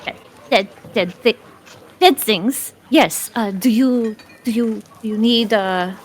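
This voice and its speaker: Woman voicing an excitable feathered creature. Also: on the high side, slow. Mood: thrilled. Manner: stammering, breathless excitement.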